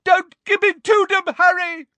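A man voicing a frightened but defiant teenage boy wizard who shouts in a high, strained voice. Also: level tone, unhurried, no echo, exaggerated voice. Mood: frantic. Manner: high-pitched, shouting, frantic.

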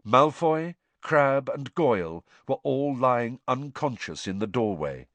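Expressive male audiobook narrator. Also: medium pitch, slow, dry recording. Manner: expressive, shifting voices.

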